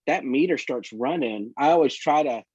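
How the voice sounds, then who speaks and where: A man's voice: mid-range voice, normal speed, darkish tone, breathy edge, no echo. A man telling long, winding work stories as a guest in a casual interview. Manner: rambling, long winding anecdotes. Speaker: photographer guest. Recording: dull lo-fi dry sound.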